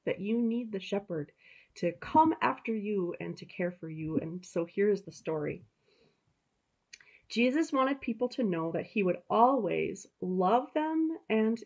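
A woman pastor with an Upper Midwest American accent, gently telling a story to children in a gentle, expressive way. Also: medium pitch.

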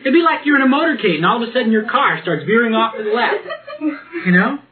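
A man's voice: very high voice, lively intonation, fast talker, crowd noise. A man preaching a sermon and reading from the Bible, talking conversationally with frequent laughs and restarts. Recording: tinny lo-fi recording with faint hiss.

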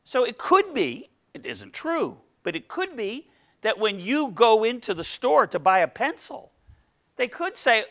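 A man's voice: very high voice, huge pitch swings, unhurried, a bit bright. A middle-aged man giving an economics seminar lecture, playful and full of questions for the audience. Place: lecture room.

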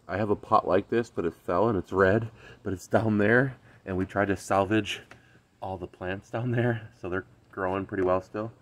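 A man's voice: lowish voice, steady tone, normal speed. A man vlogging casually outdoors in his backyard garden, talking in a laid-back, slangy way with lots of fillers. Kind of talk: casual chat.

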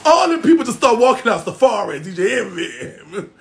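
Vocal fry runs through this man's very high, sing-song voice at a moderate pace. An internet personality, he delivers a brash, boastful roast rant packed with constant swearing and frequent laughs.

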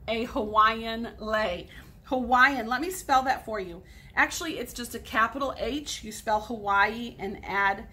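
A woman's voice: fairly high pitch, sharp tone. A woman in her forties, a sixth grade teacher, patiently explaining grammar step by step in a recorded lesson for students at home.

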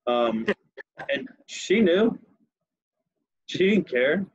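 Man, podcast host, casual anecdote, laughing as he tells it, slightly high pitch. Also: extremely slow, slightly rough, no room sound, highs cut off. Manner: animated, laughs while telling stories. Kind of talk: casual storytelling chat.

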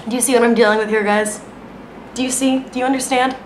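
High-voiced woman ranting comically. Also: a bit bright, slight background noise. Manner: exasperated, emphatic. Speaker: comedy vlogger. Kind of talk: comedic rant to camera. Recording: echoey room.

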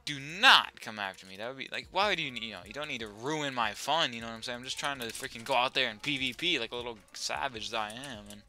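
A young man at home giving excitable, swearing commentary over his own gameplay, now and then yelling at his dog. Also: medium pitch, fast talker, few pauses. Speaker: gaming YouTuber.

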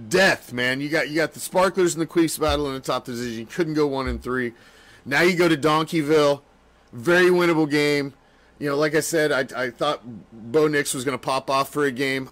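A man hosting a postgame fan reaction show, ranting with constant swearing, laughing often and swinging between yelling and muttering, in a home studio room. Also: fairly high pitch. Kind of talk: profane postgame rant.

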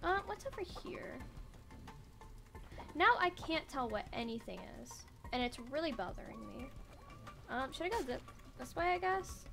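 A woman's voice: sits high, animated, normal speed, gravelly, long pauses, a bit bright. A young woman giving casual let's-play commentary, chatting, swearing and talking to the game characters as she plays. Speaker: gaming video creator. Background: game music.

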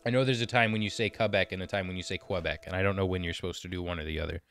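Male streamer, lower register with a bright edge; reads chat aloud and riffs casually. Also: fairly even intonation, rapid-fire, soft background music. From United States. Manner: reads viewer comments aloud and answers them chattily. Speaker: gaming streamer reading chat. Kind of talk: casual live-stream chat while gaming.

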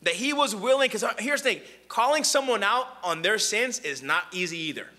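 A young adult man preaching a conversational sermon, animated and acting out the voices he quotes. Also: high-pitched, brisk.

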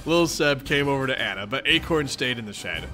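A man's voice: mid-range voice, a little fast. Giggly man reading aloud to chat. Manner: giggly, excitable, talks to chat. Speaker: streamer reading a webcomic aloud. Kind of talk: casual read-along commentary.

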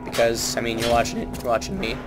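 A man's voice: mid-range voice, completely flat delivery, fast talker. A young man giving a rambling, joking let's play commentary from home at night. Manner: rambling, joking, self-mocking. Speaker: gamer. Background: game music.

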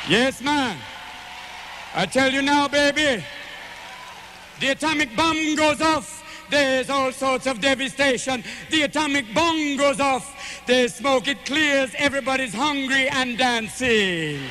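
A man's voice: very high voice, measured pace, background noise. A man voicing a laid-back, carefree man with an easygoing drawl.

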